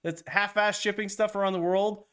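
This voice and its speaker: A man's voice: sits high, fairly even intonation, normal speed, fairly bright tone, clear, resonant tone. A man co-hosting a casual golf podcast, ranting with heavy profanity. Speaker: podcast co-host.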